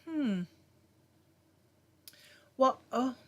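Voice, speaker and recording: A woman's voice: sits high, animated, drawn-out words, muffled recording. A woman from Michigan hosting a casual livestream, chatting and reading viewer comments aloud with many fillers. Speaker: livestream host reading chat. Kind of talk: casual chat.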